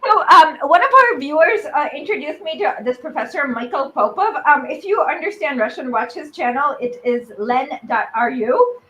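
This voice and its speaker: Her voice sits high and bright as she chats loosely, laughing often and stumbling over restarts. She co-hosts a relaxed talk show. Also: moderate pace, few pauses, a little hiss or hum, poor audio. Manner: chatty, laughs often, many fillers and restarts. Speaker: podcast co-host. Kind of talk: casual chat. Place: living in Russia.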